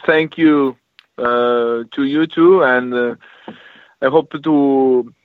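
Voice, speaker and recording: Halting Italian-accented man on a tinny line. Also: medium pitch, no echo. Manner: halting, many fillers and restarts. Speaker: music composer guest. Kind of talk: interview answers. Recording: tinny phone-like line, dry.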